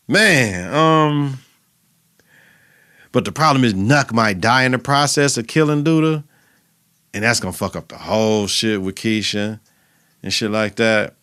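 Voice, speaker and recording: A man hosting a podcast, giving a casual, animated recap of a TV episode full of profanity. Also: on the low side, a little slow, long pauses. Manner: animated and profane, acts out scenes. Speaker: podcast host.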